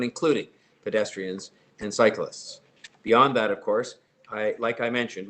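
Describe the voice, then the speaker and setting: An older man, speaking as mayor in a formal prepared announcement, measured and dotted with "uh" fillers. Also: fairly low pitch, fairly bright tone.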